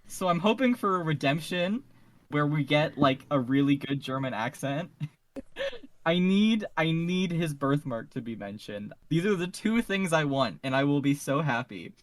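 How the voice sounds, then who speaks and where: A man's voice: a little high, animated, normal speed. A man co-hosting a podcast in casual discussion, talking eagerly and laughing easily. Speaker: podcast co-host.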